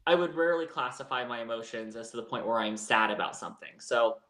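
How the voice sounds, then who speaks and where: A man's voice: mid-range voice, fast, sharp tone, reverberant. A man co-hosting a live chat show, telling a personal story in a candid, rambling way. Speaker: co-host. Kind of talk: casual chat.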